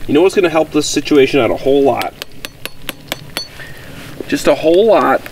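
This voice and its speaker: Casual outdoorsy man, lively swinging pitch, easygoing and rambling, faint hiss behind. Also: normal speed, low-quality recording. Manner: relaxed, rambling, laughs often. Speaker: outdoor vlogger. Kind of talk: casual chat at camp. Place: winter campsite outdoors.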